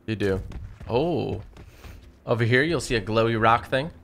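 Playful gamer guy with lively pitch. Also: measured pace, creaky, a little hiss or hum. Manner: playful, goofy exclamations. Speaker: gaming YouTuber. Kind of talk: casual co-op gameplay chat.

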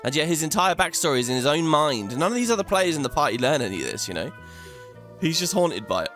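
A chatty man giving commentary over a game playthrough. He thinks aloud and laughs often, and his voice sits a touch high for a man while jumping up and down a lot as he reacts. Faint music plays underneath him. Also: sing-song, fast talker, fairly bright tone. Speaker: let's play host.

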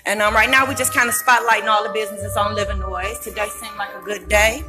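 A woman hosting a live radio broadcast from a street festival, talking fast and hyping up the people she meets. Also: medium pitch, steady tone, over music. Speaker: radio host.

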